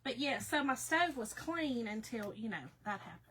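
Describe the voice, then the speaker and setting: A talkative woman chats with her viewers as she crafts, greeting them by name in a folksy way. Her voice is bright and sits a little high. A faint hum runs behind her. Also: lively intonation, normal speed, poor audio. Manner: chatty, folksy, reads out viewer names. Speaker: craft livestream host. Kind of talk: casual livestream chat while crafting.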